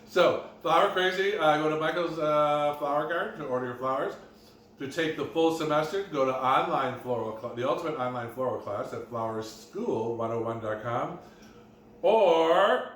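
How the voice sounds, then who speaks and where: A man's voice: medium pitch, a bit bright. A middle-aged man, a florist and design teacher, chatting in a casual self-promoting vlog from his apartment kitchen, telling anecdotes with chuckles. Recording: roomy, distant, faint background hum.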